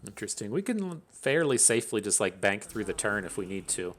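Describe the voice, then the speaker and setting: Fairly low and sing-song, this man's slightly bright voice moves at a fairly quick clip. He talks through his own card game in casual commentary, cursing openly and muttering complaints between moves.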